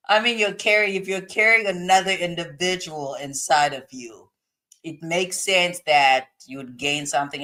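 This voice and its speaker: A woman's voice: low voice, fairly bright tone. A woman hosting a casual live stream, reading chat comments aloud and laughing often as she chats.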